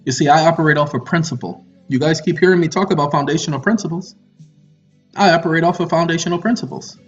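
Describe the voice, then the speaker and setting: A man's voice: fairly high pitch, fast. A man giving a lecture monologue in a preachy, confrontational manner with teasing asides. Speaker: online lecturer. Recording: muffled audio with faint music.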